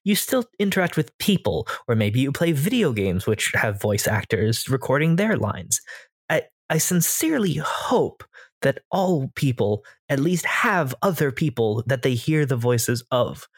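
A man's voice: mid-range voice, big pitch swings, measured pace, husky, no echo, clean studio sound. An American man co-hosting a podcast as a game master, casually explaining voice tips at length. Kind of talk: casual chat.

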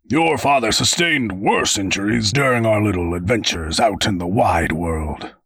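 A man's voice: fairly low pitch, moderate pace, creaky, a bit bright, breathy edge, dry recording, studio quality, exaggerated voice. A man playing a carefree treacherous nobleman who speaks in an offhand, cheerful way. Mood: smug.

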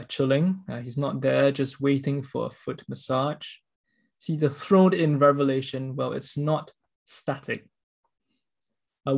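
A man's voice: fairly high pitch, gravelly. A man preaching a sermon, reading scripture and explaining it in an earnest, emphatic way with repeated words.

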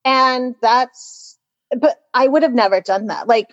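A woman's voice: on the high side, a little slow, dry recording, highs cut off. Candid, swearing woman co-host. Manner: candid storytelling, swears freely. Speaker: podcast co-host. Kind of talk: casual chat.

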